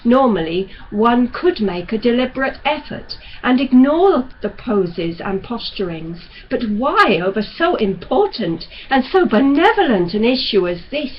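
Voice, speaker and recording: Woman narrator, slightly high voice, very unhurried; dull audio, faint hiss. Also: big pitch swings. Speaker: audiobook reader. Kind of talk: novel narration.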